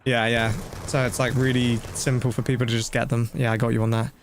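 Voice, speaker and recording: A man's voice: medium pitch, little pitch movement, slight background noise. Chatty male gaming streamer. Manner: chatty, rambling, quick exclamations. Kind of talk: casual live-stream commentary.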